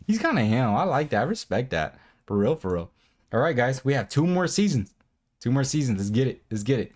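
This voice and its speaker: A young man giving casual, excitable commentary over his own football video game, swearing and hyping the plays. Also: lowish voice. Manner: excitable, swears a lot, laughs and shouts at big plays. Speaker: gaming video creator. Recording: music bed under the voice.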